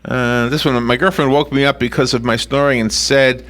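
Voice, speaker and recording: A man's voice: medium pitch, a little fast. A man hosting a radio chat show, retelling funny stories and acting out the quotes with frequent laughter. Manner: animated storyteller, acts out quotes, laughs often.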